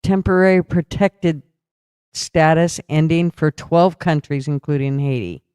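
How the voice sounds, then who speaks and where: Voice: mid-range voice, a little slow, a little mellow, smooth, no echo. A livestream host in casual political chat, tired and yawning, talking loosely and answering viewer comments aloud.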